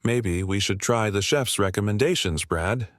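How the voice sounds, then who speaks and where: An uneasy male dinner guest trying gently to calm things down, read by a man. His voice is low and dry. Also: normal speed, no echo, natural voice.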